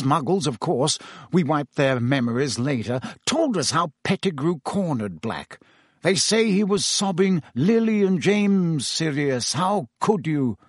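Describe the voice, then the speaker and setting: A man's voice: a little high, breathy edge, no room sound, clean studio sound, exaggerated voice. A man voicing a pompous, bustling middle-aged male minister who talks in a fussy, self-important way.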